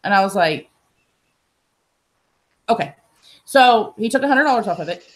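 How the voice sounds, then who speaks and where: A woman's voice: mid-range voice, expressive, fast. A woman telling a story in a casual, blunt and profane way. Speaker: podcast host telling a story.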